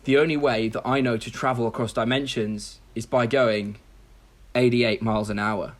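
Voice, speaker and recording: A man doing a loose comedic impression of a gruff, bald male street-racing action hero, speaking slowly and haltingly. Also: medium pitch, steady tone, close to an everyday voice. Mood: reassuring.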